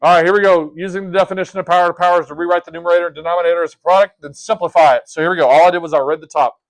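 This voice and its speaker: A man's voice: high-pitched, fairly even intonation, very fast. A man teaching a math class, talking casually to his students, joking and asking them questions. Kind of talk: classroom lesson.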